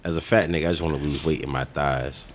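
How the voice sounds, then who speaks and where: Male podcast co-host, very deep voice, laid-back and profane. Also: steady tone, fast, crowd noise. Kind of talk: raunchy casual banter.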